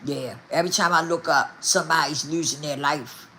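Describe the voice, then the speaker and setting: A woman's voice: sits low, brisk, bright, forceful tone, a little hiss or hum. An older woman talking casually to her viewers, emphatic and repetitive. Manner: emphatic, repeats herself, talks straight to viewers. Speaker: vlogger.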